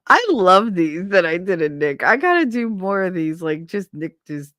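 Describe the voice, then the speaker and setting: Rambling, low-pitched woman livestream host. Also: very animated, normal speed, fairly bright tone, dry recording, clean studio sound. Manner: rambling, swears freely, laughs often. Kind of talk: casual livestream chat. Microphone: desk microphone.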